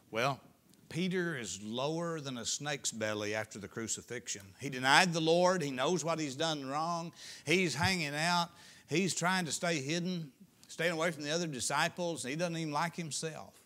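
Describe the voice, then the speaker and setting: A middle-aged male pastor preaching a sermon in a folksy storytelling way, rising to loud peaks and dropping to hushed lines. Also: mid-range voice. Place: church sanctuary.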